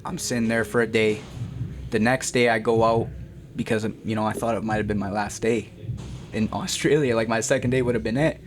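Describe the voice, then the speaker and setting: On the low side and fairly quick, a young man's voice comes with soft background music. He's a Canadian boxer recounting his story in a casual, slangy interview, animated and saying "bro" to the host often.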